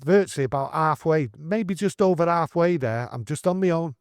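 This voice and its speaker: A man in his sixties with a Manchester accent, telling his story in an earnest, animated way with broad northern dialect. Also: on the high side, moderate pace, clear, resonant tone, no echo, clean studio sound. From England. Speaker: guest storyteller. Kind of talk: casual storytelling interview.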